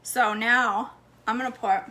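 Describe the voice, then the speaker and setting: Woman, kitchen vlogger, chatty and a bit high-voiced, faint dish clatter behind. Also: steady tone, unhurried, background noise. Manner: chatty, talks to her dog between steps. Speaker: cooking vlogger. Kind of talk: casual kitchen vlog. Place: home kitchen.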